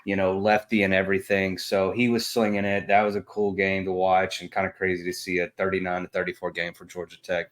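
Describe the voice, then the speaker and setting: A man's voice: sits low, level tone, fairly quick, hardly any pauses. A man, co-hosting a casual sports podcast, blunt and trash-talking with lots of fillers. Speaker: podcast co-host.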